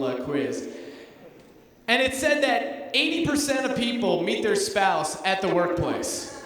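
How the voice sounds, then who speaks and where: Stand-up comic, man, high voice, sarcastic and self-mocking, heard from far off in a long echoey hall. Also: fairly bright tone, slight background noise. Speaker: stand-up comedian. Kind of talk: stand-up comedy set. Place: theater stage before a live audience.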